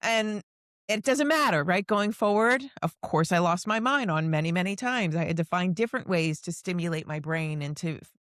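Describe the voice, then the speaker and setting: This middle-aged woman hosts a podcast and speaks a little fast in a fairly low pitch. Her casual talk centers on long personal stories, told in an earnest, heartfelt, emotional manner. The clean studio recording has no echo.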